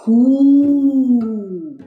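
An icy male tentacle monster from a storybook, put on by a woman reader. He hisses and draws his words out slowly. The voice sits in a roomy space with soft music behind. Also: a little high, animated, narrow, tinny audio, voice pushed up. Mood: eerie. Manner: hissing, slow and drawn out.

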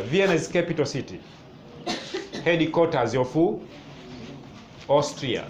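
A male history teacher dictates notes to a class, slowly repeating each phrase. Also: a little high, animated. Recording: noisy classroom ambience.

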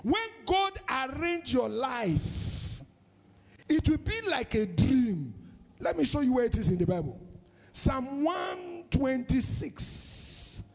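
A Nigerian-accented male pastor preaches in a very high, gravelly voice that swoops up and down in a lilting, sing-song way. He drags out his words slowly and keeps calling questions out to the congregation. The sound rings out with the long echo of a big church hall. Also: very animated. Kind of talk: sermon. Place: church service.

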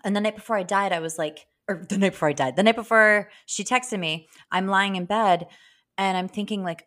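A woman co-hosting a podcast in casual chat, animated and swearing freely as she jumps between topics. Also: mid-range voice, fast. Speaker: podcast co-host.

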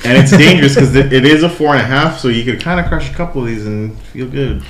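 A man's voice: medium pitch, fast. A man co-hosting a casual podcast, teasing his friends and laughing often. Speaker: podcast co-host. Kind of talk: casual banter. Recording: roomy room with faint noise.

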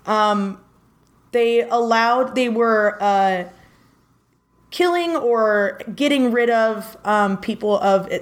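A woman's voice: fairly high pitch, slow. A woman co-hosting a casual podcast, telling a story in a rambling way with many fillers. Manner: rambling, lots of filler words. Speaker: podcast co-host.

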